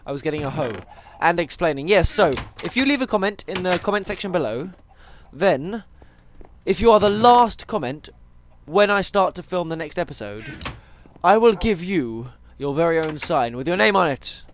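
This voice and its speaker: Young-sounding male let's-play host, slightly high voice with lively swings, rambling, playful, chatty to his viewers. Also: moderate pace, a little hiss or hum. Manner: rambling, jokey, goes off on tangents; talks to viewers and animals in game. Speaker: gaming channel host. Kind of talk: Minecraft let's play commentary.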